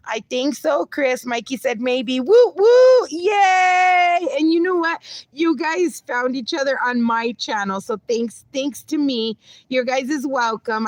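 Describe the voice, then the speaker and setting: A woman's voice: on the high side, no echo. A woman hosting a casual livestream, chatting and reading viewer comments aloud, dropping in Spanish words. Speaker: livestream host.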